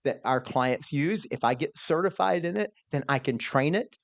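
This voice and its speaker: A man telling an earnest, animated personal story as a podcast guest, quoting his own thoughts along the way. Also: fairly high pitch, moderate pace, gravelly, no echo. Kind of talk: storytelling in a conversation.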